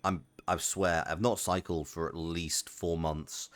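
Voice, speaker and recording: With a low, steady voice that's a bit bright, a game streamer talks unhurriedly during his live broadcast. He's chatty and rambling, reading chat messages aloud between plays in casual commentary.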